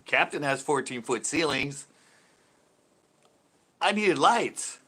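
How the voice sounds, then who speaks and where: A man hosts a relaxed live stream from his home, answering viewers as they drop in. His voice is bright and forceful, and he laughs freely between his chatty remarks. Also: medium pitch, breathy edge. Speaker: host of a live after-show stream.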